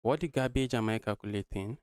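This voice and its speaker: A young man from Nigeria calls a live chess game with a smooth, resonant voice, mumbling through his calculations as he plays. He keeps talking to his viewers as "guys". The sound is dry and close to the mic, with no room around it. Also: lowish voice, a little fast, darkish tone, no room sound. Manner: thinks aloud, muttering lines of play, often addresses viewers as guys. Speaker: chess streamer. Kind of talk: live-streamed chess commentary.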